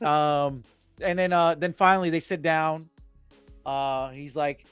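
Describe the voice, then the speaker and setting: A man casually discussing a movie on a podcast, animated and excitable, acting out scenes as he goes. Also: a little high, slow, smooth, dry recording, faint music behind. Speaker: podcast host.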